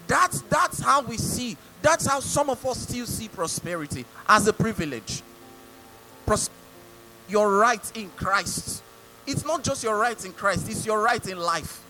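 A man's voice: sits high, very animated, a little slow, bright, forceful tone, a little hiss or hum, low-quality recording. A male pastor with a Nigerian English accent preaching a sermon, mimicking people and asking the congregation rhetorical questions.

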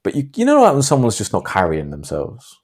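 A man hosting a podcast, telling a long story in a rambling, animated way. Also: fairly low pitch, fairly quick, slightly rough. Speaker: podcast host. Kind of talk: casual podcast chat.

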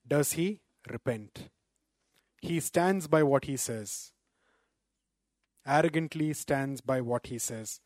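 A man preaching a sermon, slowing down to quote scripture and adding rhetorical "right?" asides. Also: mid-range voice, no echo.

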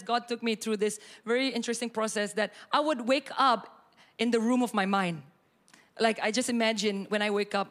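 A middle-aged woman pastor tells a personal story from the pulpit. Her voice sits slightly high and leaps up when she acts out what people said. She talks in a lively, expressive way. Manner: animated storytelling, acts out quotes with sudden high bursts and laughter.

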